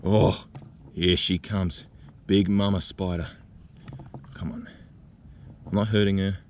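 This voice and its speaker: A man vlogging outdoors in the bush, talking gently and excitedly as he coaxes a spider out of its burrow. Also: low-pitched, slow pace, a little hiss or hum. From Australia. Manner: excited, gentle, coaxing, thinking aloud. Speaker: nature vlogger. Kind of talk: outdoor wildlife vlog, talking to camera. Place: outdoors in a bushland reserve.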